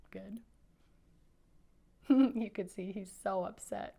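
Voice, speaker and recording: A woman with a mid-range, warm voice and some vocal fry reads aloud slowly to children. She's a teacher, playful and coaxing, inviting the kids to repeat lines after her.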